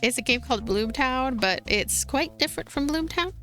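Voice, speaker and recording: A woman's voice: high voice, expressive, moderate pace, a bit bright, soft background music. Chatty woman commenting on gameplay. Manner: chatty, amused. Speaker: let's play host.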